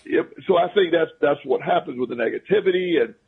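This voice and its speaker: Male radio guest, raspy and gravelly, loose rambling storyteller, phone-quality audio. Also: fairly high pitch, a little fast. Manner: rambling, restarts often, chuckles at his own stories. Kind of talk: casual storytelling on a talk radio show. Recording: phone-line radio call.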